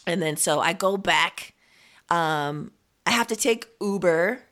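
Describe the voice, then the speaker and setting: A woman co-hosting a podcast, telling a story in casual chat with lively, profane asides and acted-out quotes. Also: fairly low pitch, slow. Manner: animated storytelling, lots of swearing and acted-out quotes. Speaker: podcast co-host. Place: home. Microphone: remote recording.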